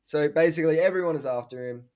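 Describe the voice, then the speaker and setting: A man's voice: a little high, quick pace, darkish tone. A teenage boy, a school drama student chatting casually as a podcast guest and rambling through a plot retelling. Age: teens.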